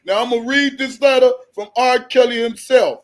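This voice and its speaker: A man's voice: very high-pitched, normal speed. A man hosting a live stream, talking casually in a loose, joking manner and often breaking into laughter.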